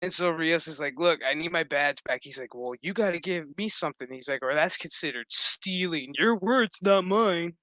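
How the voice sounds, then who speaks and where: A man's voice: on the high side, normal speed, hardly any pauses, sharp tone, no echo. A man giving a rambling, profane recap of a TV episode, acting out the characters' lines as he goes. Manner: rambling, profane, acts out quotes. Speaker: show recap reviewer.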